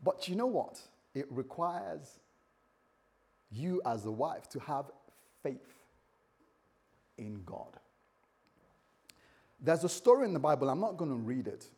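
Husky-voiced male pastor preaching. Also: mid-range voice, slow, pauses often. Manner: animated preaching with acted quotes and asides to the congregation. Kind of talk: sermon.

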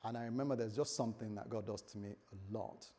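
Male pastor, husky tone, animated sermon delivery with hushed lows and loud peaks, speaks his own inner voice aloud. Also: quick pace. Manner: animated preaching, jumps from quiet low lines to loud high bursts; acts out his own inner voice in quoted asides. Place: church service before a congregation.

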